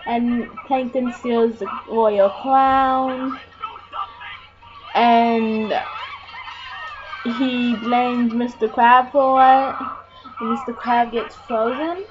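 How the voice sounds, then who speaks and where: A woman's voice: on the high side, steady tone, extremely slow, long pauses, noisy background. A woman casually retelling a film plot, rambling along with "and then" and frequent ums. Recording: dull lo-fi home recording with music behind. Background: music playing clearly.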